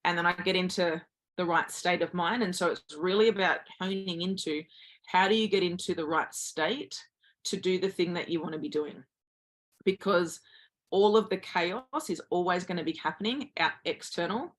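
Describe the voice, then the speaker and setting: A woman's voice: fairly low pitch, normal speed. A woman guest giving earnest motivational advice, speaking directly to listeners as a confidence coach.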